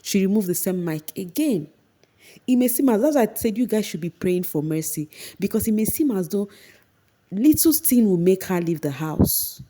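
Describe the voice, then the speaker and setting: A young Nigerian woman chatting casually as she recaps a reality show, retelling scenes with lively energy. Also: moderate pace. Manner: animated retelling, acting out quotes in a high voice. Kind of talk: casual commentary.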